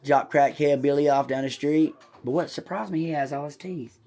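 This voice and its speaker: A man telling a rambling, profane story on a comedy podcast. He talks loudly and swears constantly. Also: on the high side, normal speed. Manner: talks loud. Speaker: podcast host.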